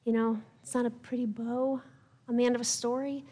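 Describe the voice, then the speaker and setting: A woman's voice: fairly high pitch, little pitch movement, brisk, dark tone. A woman pastor preaching a sermon, retelling a story conversationally and acting out the voices of the people in it.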